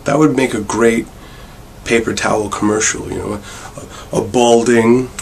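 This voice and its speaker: A man vlogging a rambling comic monologue with wry, meandering deadpan asides. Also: on the low side, normal speed, gravelly, slight background noise. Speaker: vlogger and bar worker.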